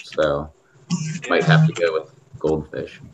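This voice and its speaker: Deep-voiced man hosting a casual chat. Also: very animated, takes it slowly, heavy background noise. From Pittsburgh area. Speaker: host.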